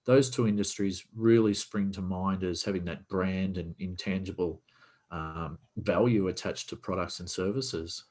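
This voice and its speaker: A man's voice: deep voice, fairly even intonation, unhurried, a little mellow. A man from Australia, a podcast guest, explaining business operations in a casual video-call conversation and posing rhetorical questions.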